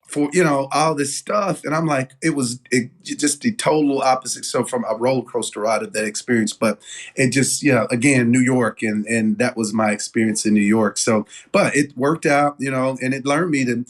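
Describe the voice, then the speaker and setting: A man, a business owner telling stories as an interview guest in a casual, animated way with lots of fillers and restarts. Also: mid-range voice, moderate pace. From Knoxville, Tennessee.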